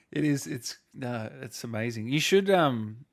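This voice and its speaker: A man's voice: mid-range voice, expressive, a little slow, vocal fry. A man hosts a casual podcast interview in a mid-range voice. He keeps things upbeat and chummy, laughing easily and bantering with his guest between questions. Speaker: podcast host.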